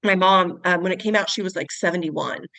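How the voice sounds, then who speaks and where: A woman's voice: on the low side, brisk, sharp tone, no echo, rough recording. A woman in her forties, a podcast guest and author, telling stories in an earnest, heartfelt way with frequent restarts. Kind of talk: casual interview chat.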